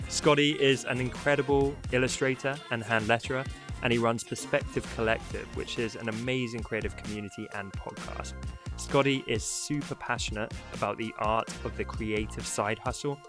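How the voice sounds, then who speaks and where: A British man hosting a casual podcast chat, upbeat and quick to laugh. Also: medium pitch, steady tone, music in the background. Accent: British English. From Britain. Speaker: podcast host.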